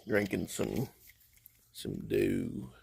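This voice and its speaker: A man's voice: low-pitched, huge pitch swings, extremely slow, gravelly, darkish tone, slight background noise. A middle-aged man chatting casually on a livestream, telling easygoing, rambling stories from his porch. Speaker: live streamer. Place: outdoor porch.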